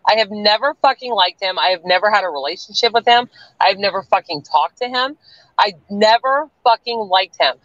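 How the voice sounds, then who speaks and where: A woman's voice: medium pitch, lively intonation, fairly quick, a bit bright, no room sound. Furious profane woman on dull stream audio. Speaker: livestream guest. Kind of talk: angry livestream rant. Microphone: online stream call audio.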